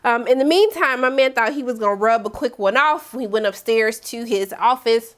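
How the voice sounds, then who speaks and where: A woman giving a chatty, animated recap of a TV episode, with big swings in her voice and playful asides. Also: fairly high pitch, normal speed. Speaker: TV recap host. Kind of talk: casual TV recap commentary.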